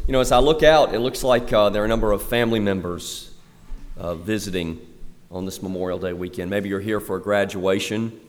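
A male pastor preaching a sermon, chatty with the congregation and emphatic on key points, slowing down to stress the scripture he reads. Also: fairly low pitch, in a large hall. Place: church sanctuary.

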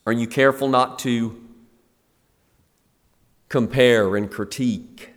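Brief: middle-aged man, pastor, conversational sermon delivery, mid pitch, long church-hall reverb. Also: slow pace. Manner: conversational, acts out the scene in lively quoted asides. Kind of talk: expository sermon.

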